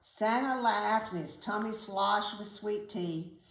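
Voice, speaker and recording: A woman reading a picture book aloud to children, with gentle, chatty asides. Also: medium pitch, slow pace. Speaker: children's story reader. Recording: echoey room, faint hiss.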